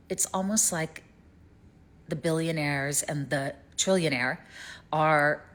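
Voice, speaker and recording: Southern woman, middle-aged, lower voice; worried, rambling vlog talk that sinks to near-whispers. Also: a little slow. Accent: Southern American. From East Tennessee, United States. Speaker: vlogger. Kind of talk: casual personal vlog. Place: rented home in Canada.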